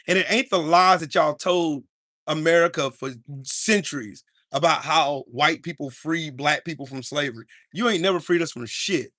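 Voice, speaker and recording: A man's voice: fairly high pitch, pushed and bright, no echo, clean studio sound. A man hosting a live-streamed podcast, ranting in an angry, profane and confrontational way. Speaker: podcast host.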